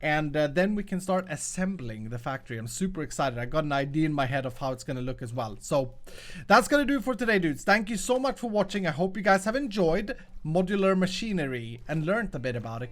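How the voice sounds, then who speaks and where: An upbeat man talks casually over his gameplay, laughing often as he goes. His voice sits a little higher than most men's. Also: sing-song, quick pace, faint music behind. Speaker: host.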